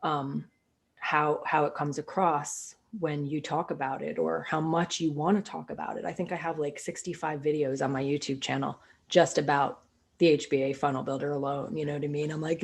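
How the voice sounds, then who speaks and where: A woman's voice: sits low, flat delivery, normal speed, vocal fry, slightly rough. A woman host talking in a heartfelt, enthusiastic way during an interview over a video call. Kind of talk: casual interview talk.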